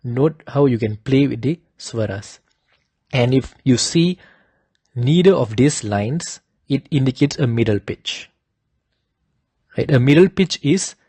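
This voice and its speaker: A man teaching the pitch accents of a devotional chant, explaining slowly and patiently and chanting drawn-out higher examples. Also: animated, a little mellow, breathy edge, dry recording.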